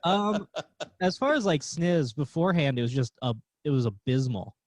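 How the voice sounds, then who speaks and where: A man's voice: fairly high pitch, expressive, moderate pace, no echo. A man who is a stand-up comedian, a guest on a podcast over a remote call, telling wry, self-deprecating stories. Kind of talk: casual chat. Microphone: remote call mic.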